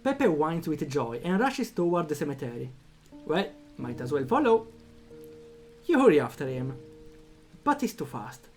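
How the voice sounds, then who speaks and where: Male streamer, fairly high voice, reads the game aloud, chatty reactions. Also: normal speed, long pauses, faint music behind. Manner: animated, reacts out loud, thinks aloud with fillers. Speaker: streamer playing a story game. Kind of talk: reading a text game aloud with commentary.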